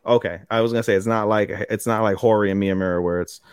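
A man co-hosting a podcast in casual chat, excitable, swearing freely and filling with ums. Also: on the low side, fast, clean tone, no echo, studio quality. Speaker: podcast co-host.

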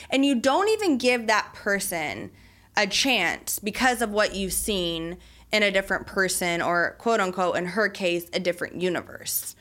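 A woman's voice: medium pitch, moderate pace. Chatty woman hosting a faith podcast. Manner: chatty, animated, faith-based reflection. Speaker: podcast host. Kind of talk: casual solo podcast talk.

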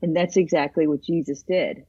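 Husky earnest woman in her fifties. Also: sits low, normal speed, dull audio. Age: 50s. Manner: earnest, animated, speaks of being a healer. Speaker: podcast guest. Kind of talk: casual chat.

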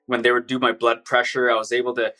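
A man's voice: medium pitch, completely flat delivery, fast, bright, forceful tone. A man recounting his own experience in an intense, run-on storytelling manner. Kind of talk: personal account, casual storytelling.

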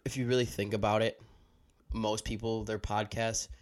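A man's voice: lowish voice, little pitch movement, moderate pace. A young man co-hosting a podcast in casual chat, explaining audio habits in a rambling, self-interrupting way into a handheld mic. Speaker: podcast co-host handling audio. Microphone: handheld microphone.

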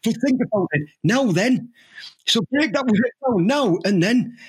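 A man's voice: very high voice, expressive, moderate pace, crowd noise. A young man with a Teesside accent co-hosting a podcast, chatty and enthusiastic, laughing often and using local slang. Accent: Teesside English. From Teesside, England. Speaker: podcast co-host. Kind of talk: casual banter.

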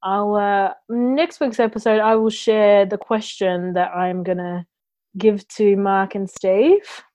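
A woman's voice: mid-range voice, fairly even intonation, slow pace, dark tone. A woman co-hosting a podcast in casual, playful chat. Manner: easygoing, playful. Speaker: podcast co-host.

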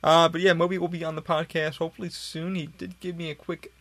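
A man rambles through a podcast from a hot room at home, his voice gravelly with vocal fry. It sits a bit higher than most men's. He talks loosely, swears freely and sounds worn out. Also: little pitch movement, fast, fairly bright tone, no echo. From upstate New York. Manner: profane, rambling, tired and yawning. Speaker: podcast host. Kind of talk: casual rambling monologue.

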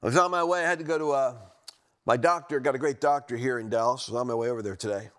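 In a studio, a man races through an animated, sermon-style teaching, swinging from loud, emphatic lines to low, quiet ones.

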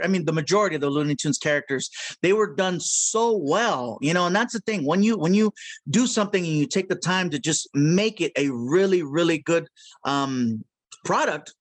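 High-voiced, jokey man telling stories. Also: no echo. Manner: animated storyteller, drops into character voices; jokey, laughs at his own lines. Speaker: guest voice actor. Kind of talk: casual interview.

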